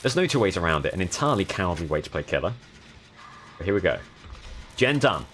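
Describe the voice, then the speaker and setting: A young man from southern England, with a deep, fairly bright voice and a southern English accent, talks very fast and with lots of energy. He's a streamer commentating on his live gameplay, chatting away and thanking viewers as they follow. Faint music plays in the background.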